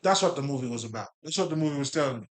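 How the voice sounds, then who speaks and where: At a very fast, animated clip, a spiritual talk host with a middle-pitched voice riffs on spiritual ideas. His talk meanders, full of street slang and cursing, and he laughs his way back to the main thread.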